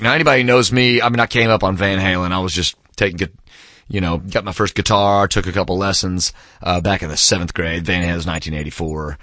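A man in his forties chats through a book review, low-pitched but bright and forceful in tone. He tells stories with big enthusiasm and acts out the quotes. The sound is dry and close. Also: no room sound. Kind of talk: casual spoken book review.

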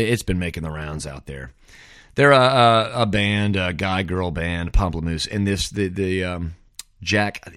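Middle-aged man, podcast host, low voice, dry close sound, wry rambling chat. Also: a bit bright, dry recording. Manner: rambling, wry, says "man" and "dude" a lot. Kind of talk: casual solo monologue.

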